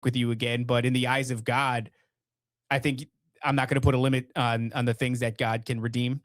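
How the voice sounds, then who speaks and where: A man's voice: medium pitch, little pitch movement, a little fast, no room sound. Rambling podcast host man, dry sound. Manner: rambling, hesitant, lots of restarts. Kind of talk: casual chat.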